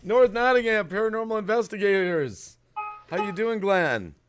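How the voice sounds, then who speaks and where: A man's voice: high-pitched, lively intonation, moderate pace, soft background music. A man hosting a casual live stream, joking around and greeting viewers by name over a video call. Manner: jokey, reading out viewer names.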